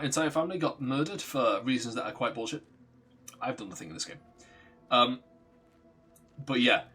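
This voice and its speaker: A man's voice: mid-range voice, a bit bright, husky. A man streaming a game, telling a story in a rambling, casual way, swearing and laughing often. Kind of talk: casual story narration while gaming.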